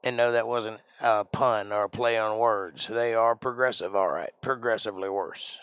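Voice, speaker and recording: A man's voice: lowish voice, fairly even intonation, normal speed, a bit bright, clean tone, no room sound. A man hosting a casual live stream, joking around in a put-on accent and sounding tired. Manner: joking, puts on an odd made-up accent. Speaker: livestream host.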